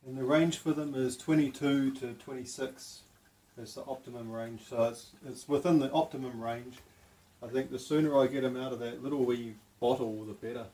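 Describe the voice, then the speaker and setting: A man chatting excitedly at home beside a fish tank, often cooing to his pet fish in a high sing-song voice. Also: a little fast. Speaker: vlogger. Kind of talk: casual home vlog.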